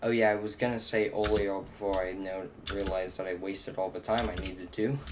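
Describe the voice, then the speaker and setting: A man's voice: sits low, steady tone, moderate pace, background noise. A young man live-streaming a game, chatting casually and rambling to himself and his cat. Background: keyboard clicks and typing.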